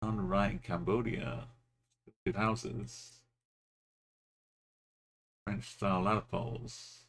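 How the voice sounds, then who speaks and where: A man's voice: fairly low pitch, flat delivery, slow pace, vocal fry, pauses often, fairly bright tone. A man streaming a geography game, musing aloud in short, offhand remarks as he plays. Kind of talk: casual commentary while playing.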